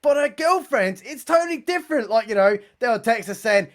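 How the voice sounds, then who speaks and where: A young man giving sarcastic, mocking commentary as he reviews a comedy special, with deadpan asides and casual swearing. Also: extremely high pitch, moderate pace, few pauses.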